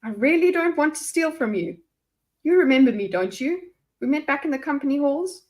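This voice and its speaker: A woman's voice: high voice, animated, brisk, a little mellow. A woman reading a chatty, pleading captive. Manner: talkative, pleading. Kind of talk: amateur read-aloud of a fantasy story.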